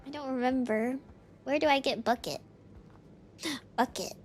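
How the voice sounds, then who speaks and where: A woman streamer chatting casually with her chat while gaming, animated and giggly. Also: sits high, unhurried, faint music behind.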